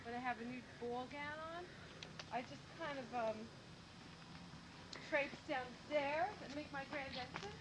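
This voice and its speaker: A woman's voice: high voice, normal speed, long pauses, noisy background, close to an everyday voice. Vain grand castle lady, as a woman puts her on. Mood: airy, grand. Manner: airy, showing off. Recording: 1989 camcorder home video.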